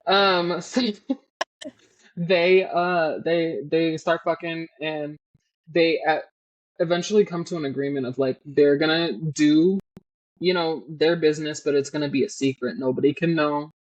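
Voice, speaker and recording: A woman cohosting a podcast, recapping a book in a casual, animated and profane way. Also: deep voice, unhurried.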